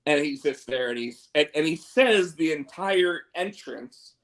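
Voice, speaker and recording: A man co-hosting a casual wrestling chat, animated and swearing often while acting out quotes. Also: a little high, measured pace. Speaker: podcast co-host.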